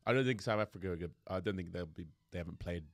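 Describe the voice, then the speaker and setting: A man with a very deep voice co-hosts a laid-back rugby podcast, bantering about who will win. His delivery is loose and he restarts his sentences. The sound is close and dry. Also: rapid-fire, no room sound. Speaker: podcast co-host. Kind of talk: casual chat.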